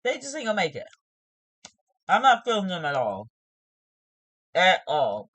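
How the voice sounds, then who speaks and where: A woman's voice: mid-range voice, huge pitch swings, fairly quick, no room sound. A woman hosting a casual reality-TV review vlog, opinionated and talking straight to her viewers. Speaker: host of a TV review channel.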